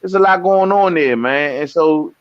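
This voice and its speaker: A man calling in as a guest, easygoing and loose, ending lines with "man." His slightly high voice comes over dull, dry call audio. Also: moderate pace, no room sound. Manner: laid-back, keeps saying "man".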